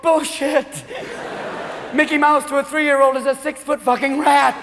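A man performing a manic stand-up comedy routine, jumping between shouts and put-on voices, recorded live in a large theater. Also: extremely high pitch, flat delivery, unhurried. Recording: live show in a big hall with a crowd. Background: audience laughter and crowd noise.

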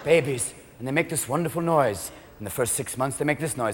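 A man performing a manic stand-up comedy routine, jumping between shouts and put-on voices, recorded live in a large theater. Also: medium pitch, fast talker, few pauses. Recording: live show in a big hall with a crowd. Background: audience laughter and crowd noise.

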